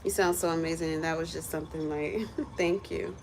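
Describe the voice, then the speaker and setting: A woman chatting casually on a livestream from her kitchen while cooking, coaching viewers step by step through a quick singing lesson in an encouraging way. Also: low-pitched, fairly even intonation, very noisy. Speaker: content creator and vocal coach.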